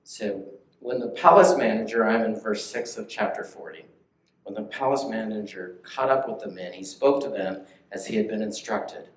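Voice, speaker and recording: A man's voice: fairly low pitch, moderate pace. A male pastor giving a conversational sermon, reading and explaining scripture and checking in with listeners. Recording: echoey room.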